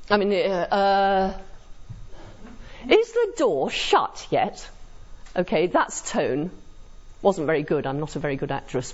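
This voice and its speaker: A woman giving a philosophy lecture to students, chatty and often checking understanding with tag questions. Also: mid-range voice. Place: classroom. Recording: dull lo-fi classroom recording.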